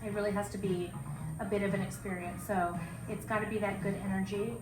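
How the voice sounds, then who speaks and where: A woman's voice: mid-range voice, flat delivery, a little fast. Chatty woman in an echoey salon. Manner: chatty, laughs easily, restarts phrases. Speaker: salon co-founder being interviewed. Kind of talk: casual interview chat. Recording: echoey room with loud background music.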